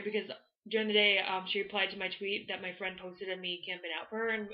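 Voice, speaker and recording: A teenage girl from Florida vlogging, telling a story in an excited, rambling way full of "like" fillers. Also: medium pitch, a little fast, muffled recording. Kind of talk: casual storytelling to camera.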